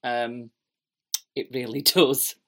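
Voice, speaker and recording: A woman in her fifties with a Yorkshire accent, telling her own story in a chatty, animated, self-deprecating way from her kitchen at home. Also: extremely low pitch, slow pace. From England. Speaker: podcast host. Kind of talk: personal storytelling monologue.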